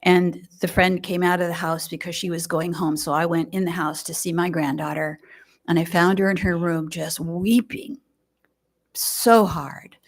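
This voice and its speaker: An older woman giving a gentle, reflective sermon at a fellowship service, speaking in measured phrases with pauses. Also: lowish voice, steady tone. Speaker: lay speaker. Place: fellowship hall, indoors.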